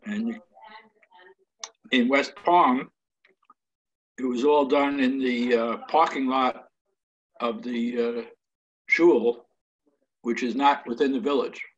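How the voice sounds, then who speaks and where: A man chatting over a computer call, halting often with fillers and slipping in dry jokes. His voice sits in an ordinary middle pitch. The call audio is dull and lo-fi. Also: steady tone. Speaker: community committee member. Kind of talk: casual chat over a call. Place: at home at a computer. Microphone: computer speaker and mic on a call.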